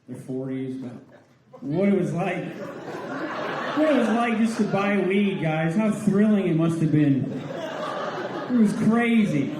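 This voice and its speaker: A man in his twenties doing a stand-up comedy set in a theatre, telling stoner stories with a laid-back, deadpan delivery. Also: high-pitched, background noise. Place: theatre stage with audience. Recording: roomy theatre live recording. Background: audience laughter.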